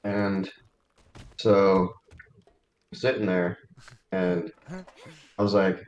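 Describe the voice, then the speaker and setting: Low-voiced young man on a roomy call. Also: steady tone, very slow, a little mellow, muffled recording. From New Jersey. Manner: laughs through his stories, casual swearing. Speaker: friend on a call. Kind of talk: casual chat.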